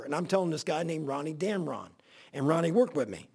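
Gravelly, husky-voiced preacher man. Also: a little high, animated, fairly quick, darkish tone. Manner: folksy, rambling anecdotal preaching. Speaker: pastor. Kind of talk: sermon storytelling.

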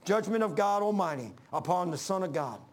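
A man preaching a sermon, emphatic, calling out to the congregation and dropping to hushed lines between loud peaks. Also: high-pitched, animated, a little fast. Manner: calls for congregation responses.

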